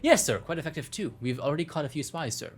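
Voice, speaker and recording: A man's voice: on the high side, expressive, fast, slightly rough. A man voicing a stiff, formal male secret service chief in a game, ending every sentence with a clipped "sir".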